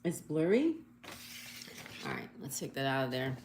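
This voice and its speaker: A woman's voice: rumbling low, very animated, moderate pace, a little mellow. A woman hosting a casual livestream, reading viewers' comments aloud and greeting them cheerfully while working through a crossword. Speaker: livestream host. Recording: echoey room, faint background noise.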